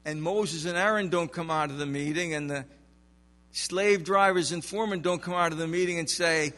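A man's voice: fairly high pitch, normal speed, a bit bright, in a large hall. A man preaching an expository sermon in a church sanctuary, emphatic, with rhetorical questions. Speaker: pastor.

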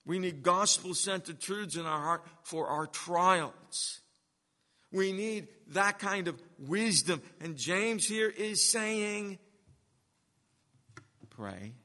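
A man preaches from the pulpit in a bright, forceful voice that rings out with a long reverb. He leans hard on key words, drops to a hush, and drags phrases out slowly for emphasis. The sound carries through a large sanctuary. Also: high-pitched, expressive. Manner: emphatic, swings between loud and hushed, slows down to stress points. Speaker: pastor. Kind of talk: sermon.

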